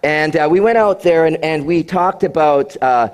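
A man's voice: on the high side, normal speed. A male pastor preaching to his congregation, encouraging them and adding joking asides. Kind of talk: sermon.

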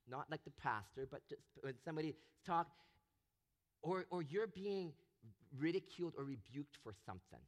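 A man preaching a sermon, animated and expressive, acting out the voices he quotes. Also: fairly high pitch. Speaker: pastor.

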